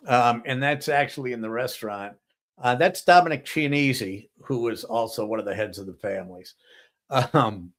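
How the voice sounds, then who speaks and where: A man's voice: medium pitch, a bit bright. A man hosting a live talk show, telling a long story in a rambling, anecdotal way with many fillers and asides.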